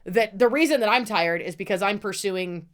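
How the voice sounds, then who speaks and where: A woman's voice: medium pitch, moderate pace. A middle-aged woman co-hosting a podcast, ranting about what bugs her. Her talk is blunt and full of swearing. She lays it on with mock outrage. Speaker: podcast co-host. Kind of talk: casual ranting chat.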